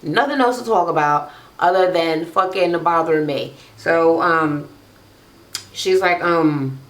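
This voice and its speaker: A woman's voice: fairly low pitch, measured pace. Sassy, profane woman recapping reality TV. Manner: profane, sassy, mocking commentary. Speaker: YouTube reality-show recapper. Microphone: camera microphone. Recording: roomy, echoey room.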